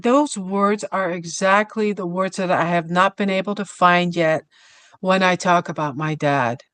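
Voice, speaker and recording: A woman guest on a podcast, softly and reflectively telling a personal story with many pauses. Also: lowish voice, no echo.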